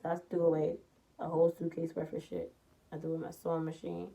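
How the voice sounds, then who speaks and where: A woman's voice: monotone, fast talker, vocal fry. Blunt, profane woman telling a story. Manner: swings between loud outbursts and low muttering. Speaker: vlogger telling a personal story. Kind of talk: casual storytime vlog.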